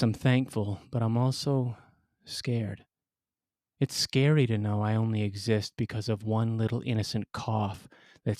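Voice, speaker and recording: Male storyteller and host, low pitch, dry close sound, wry dramatic pacing with deliberate pauses. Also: darkish tone, no room sound. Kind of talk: scripted storytelling.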